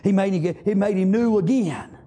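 A man preaching a fervent sermon, rising to shouts and punctuating with amens. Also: high-pitched, moderate pace.

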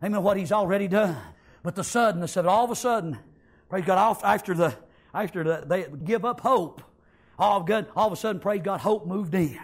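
In a church, a man preaches a fiery revival sermon, punctuating nearly every line with "amen" and shouted praise. His voice is high and a little fast.

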